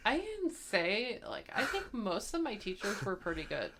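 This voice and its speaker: A woman's voice: mid-range voice, huge pitch swings, normal speed, a bit bright. A woman on a casual podcast, telling blunt, giggly stories about old coworkers and leaning on "like" a lot. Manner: gossipy, blunt, giggly, heavy use of "like". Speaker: podcast co-host. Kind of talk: casual chat.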